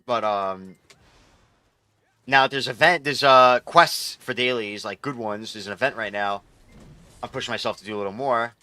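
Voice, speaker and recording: A young man streaming live, commenting on his gameplay in an excitable, profane, rambling way. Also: mid-range voice, normal speed, pauses often, no echo.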